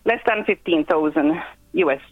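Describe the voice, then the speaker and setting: A Jamaican woman, a guest commentator in a phone-in news interview, explaining things step by step with pauses. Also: low-pitched, phone-quality sound.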